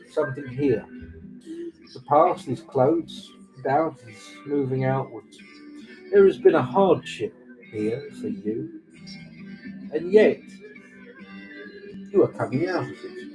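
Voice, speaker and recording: Male reader, measured card-reading delivery, fairly high, varied pitch, music in the background. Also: expressive, mellow, low-quality recording. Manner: slow, measured pronouncements with dry teasing asides. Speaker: tarot reader hosting a live stream. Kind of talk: live-stream card reading. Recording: music playing underneath.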